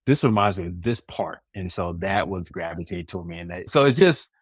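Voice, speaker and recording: Husky, low-voiced man chatting on a podcast. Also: lively intonation, fairly quick, no room sound, clean studio sound. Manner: reflective, rambling, laughs often. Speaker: podcast co-host. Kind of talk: casual podcast chat.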